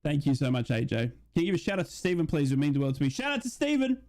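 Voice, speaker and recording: A young man hosting a live football watch-along, chatting casually and reading out viewer shout-outs. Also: medium pitch, rapid-fire. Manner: chatty, reads out chat messages and shout-outs. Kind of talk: casual live-stream chat and mock commentary.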